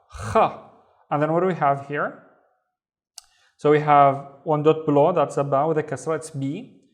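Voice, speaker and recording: A man teaching a beginner reading lesson, patiently sounding out syllables one at a time. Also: a little high. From Saudi Arabia. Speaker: Arabic teacher.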